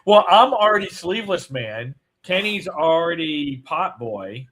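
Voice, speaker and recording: A man's voice: on the high side, very animated, a little slow, fairly bright tone. A man who is a guest on a casual morning live show, teasing and laughing a lot. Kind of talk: casual live-stream chat.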